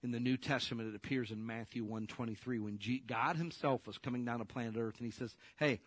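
A man's voice: medium pitch, steady tone, fast talker, dry recording. A man preaching a sermon in a casual, direct way, putting rhetorical questions to his listeners.

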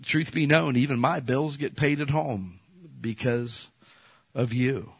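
A middle-aged man preaching a sermon in church, talking in a conversational way that swings from loud to soft. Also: medium pitch, takes it slowly, creaky, breathy edge. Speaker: pastor.

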